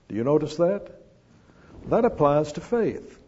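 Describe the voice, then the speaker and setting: An older man preaching an expository sermon, slow and emphatic, stressing scripture word by word. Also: on the low side, big pitch swings, darkish tone, breathy edge. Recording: dull lo-fi recording.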